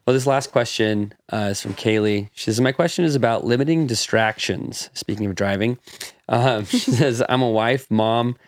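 A man's voice: medium pitch, normal speed, dry recording. A man co-hosting a podcast who reads listener questions aloud and affirms the other speaker's answers. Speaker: podcast co-host. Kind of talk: casual podcast chat, reading listener questions.

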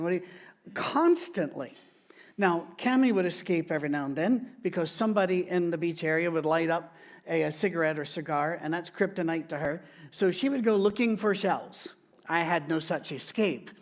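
A middle-aged man, a pastor, giving a sermon with conversational, humorous storytelling. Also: high voice.

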